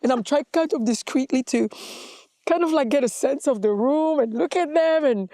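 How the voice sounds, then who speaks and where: A woman's voice: high-pitched, lively intonation, moderate pace, dark tone, no echo, clean studio sound. A middle-aged woman, a guest in an interview, telling her story with animation and acting out the voices in it. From Congo.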